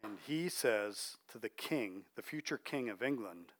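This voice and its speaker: A middle-aged man preaching a conversational sermon, chatty and checking in with his listeners, dropping his voice softly for emphasis. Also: on the low side, animated, a little slow.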